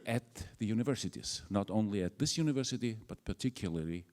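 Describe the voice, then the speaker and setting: A man's voice: lowish voice, expressive, fast talker, a little mellow. An older man with an Austrian German accent gives a formal welcome speech as a university rector, hesitant and full of fillers. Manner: hesitant, with many fillers and restarts.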